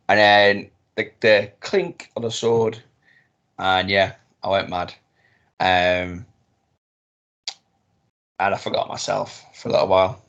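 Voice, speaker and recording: A man co-hosting a casual podcast, telling a rambling, excitable story with some swearing. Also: fairly low pitch, unhurried, creaky, long pauses, dull audio. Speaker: podcast co-host. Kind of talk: casual chat.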